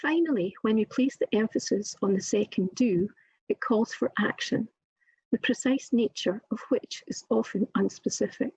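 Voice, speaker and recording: Scottish woman, formal lecturer, measured and emphatic, breathy and dry, slightly dull recording. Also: fairly high pitch, darkish tone, no room sound. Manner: measured, deliberate, emphatic delivery. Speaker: occupational therapy lecturer. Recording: muffled lo-fi recording.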